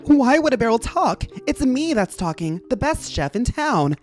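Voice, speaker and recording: A streamer voicing a hungry chef creature stuck in a barrel, reading game dialogue aloud in a defensive, excitable way. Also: medium pitch, normal speed, soft background music, pitched above the performer's own voice, natural voice. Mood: indignant.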